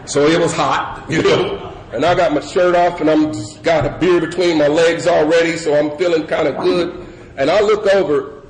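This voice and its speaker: A middle-aged man telling his story to a recovery meeting in loose, animated talk full of "you know" and "man". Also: on the high side, normal speed. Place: meeting hall with an audience. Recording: echoey room with audience and background noise.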